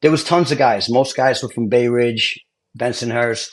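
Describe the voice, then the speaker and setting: A middle-aged man tells his stories in a loose, animated way. His voice sits in an ordinary middle pitch. He keeps checking in with his listener through casual asides. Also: normal speed. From Brooklyn, New York. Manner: animated storyteller with many "you know what I mean" asides. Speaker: guest, retired police and fire officer. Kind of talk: casual storytelling chat.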